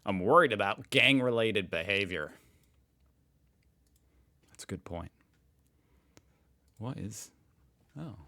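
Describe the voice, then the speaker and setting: Lively, chatty American man reacting. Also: on the low side, slow pace, pauses often. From United States. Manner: chatty, joking, reads posts aloud and reacts. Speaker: reaction video host. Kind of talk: casual reaction commentary.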